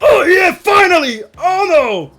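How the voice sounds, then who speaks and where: A man voicing a hyper, bubbly girl streamer who leads a gym, in a strained high falsetto with sing-song hype over faint music. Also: big pitch swings, takes it slowly, bright, forceful tone, raised voice, exaggerated voice. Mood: hyped. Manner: shrill, sing-song hype, playful taunts. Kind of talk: reading game dialogue aloud.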